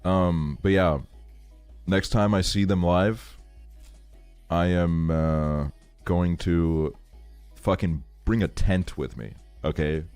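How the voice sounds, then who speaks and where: A man's voice: sits low, steady tone, slow pace, pauses often, a little mellow, clear, resonant tone, no room sound, soft background music. A man in his twenties telling a rambling story on a live stream, laughing often and swearing a lot. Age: 20s. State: tired. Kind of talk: casual stream chat, storytelling.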